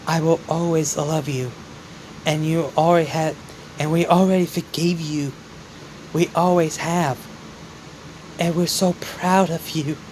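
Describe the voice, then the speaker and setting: A man voicing a loving, proud late mother who speaks softly to her son in a fan-made story, in his own near-plain voice. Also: on the high side, steady tone, a little slow, pauses often, slight background noise, close to an everyday voice, rough recording. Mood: tender.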